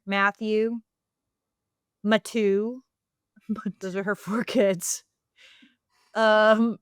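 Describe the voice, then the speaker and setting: A woman co-hosting a casual podcast, spinning a silly story with plenty of "like" and "um." Her voice is smooth and clear, recorded dry on a close mic. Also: mid-range voice, fairly bright tone, dry recording. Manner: playful storytelling, lots of fillers. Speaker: podcast co-host. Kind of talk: casual chat.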